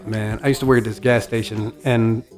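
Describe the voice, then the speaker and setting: A man's voice: fairly low pitch, little pitch movement, fairly quick, faint music behind. A man co-hosting a casual podcast, telling stories in a profane, joking way. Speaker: podcast co-host.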